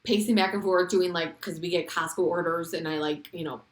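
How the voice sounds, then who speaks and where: A woman co-hosting a podcast, chatting casually, excitable and swearing freely. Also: fairly low pitch, brisk. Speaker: podcast co-host. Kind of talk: casual chat. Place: Las Vegas.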